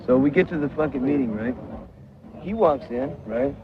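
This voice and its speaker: A man's voice: medium pitch, normal speed. A man telling a story in casual, rambling, profane talk, tagging his lines with "right?". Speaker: interviewee. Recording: muffled old film audio with loud street noise.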